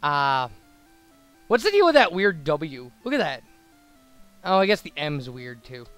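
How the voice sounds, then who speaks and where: A man's voice: on the high side, very animated, measured pace, fairly bright tone, clear, resonant tone, no echo, faint music behind. Rambling man narrating his game play. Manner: rambling, full of restarts and fillers. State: hiccuping. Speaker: let's play host. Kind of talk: casual gameplay commentary.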